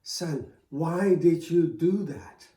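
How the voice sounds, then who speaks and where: A man voicing an angry middle-aged father in a spoken folk tale, stern and slow. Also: mid-range voice, mellow, reverberant, close to an everyday voice.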